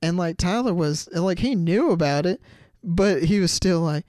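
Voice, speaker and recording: A man's voice: sits high, moderate pace, darkish tone, no echo, clean studio sound. Rambling young man telling a story. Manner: rambling, full of "like" and "you know". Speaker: podcast host. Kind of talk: casual storytelling monologue.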